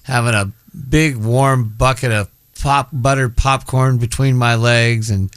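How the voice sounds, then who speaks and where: A man's voice: medium pitch, steady tone, measured pace, fairly bright tone, no room sound. A middle-aged man hosting a casual chat show, rambling and often breaking off mid-sentence. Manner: rambling, self-interrupting, chatty. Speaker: show host.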